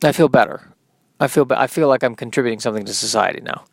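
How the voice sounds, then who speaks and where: A man's voice: medium pitch, fast, gravelly, dry recording, clean studio sound. A man hosting his own podcast, delivering a rambling, self-deprecating comedic monologue.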